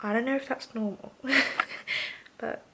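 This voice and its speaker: A woman's voice: fairly high pitch, steady tone, slow, background noise. A young woman talking casually in a video diary, nasal and congested, chatty and emotional. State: congested, nasal after surgery. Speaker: vlogger.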